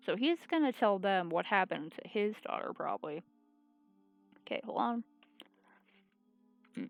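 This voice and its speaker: A woman's voice: medium pitch, sing-song, a little slow, vocal fry, long pauses, dry recording, faint music behind. A woman streamer with a sore, scratchy throat, reading a visual novel aloud and then chatting casually and ramblingly.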